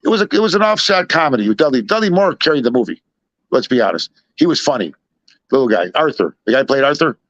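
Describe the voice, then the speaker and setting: With a mid-range voice and a quick pace, a man from Chicago serves as the storyteller guest, rambling through a lengthy anecdote in casual conversation. He animatedly recounts what people said and keeps slipping into asides. The recording is dull, lo-fi and dry, with no room sound.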